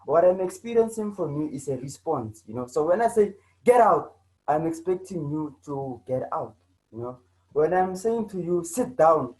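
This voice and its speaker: A man's voice: medium pitch, warm tone, low-quality recording. A man teaching an online grammar lesson, repeating himself and checking in with students as he goes. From South Africa. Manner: repetitive, restarts often, checks in with "right?" and "you know".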